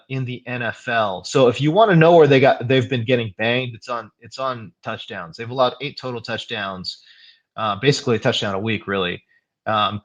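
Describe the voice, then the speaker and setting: A young man hosting a fantasy football show, chatting casually in a loose, slangy way with lots of fillers, and quick to get heated before laughing it off. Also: mid-range voice. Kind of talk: casual live stream chat.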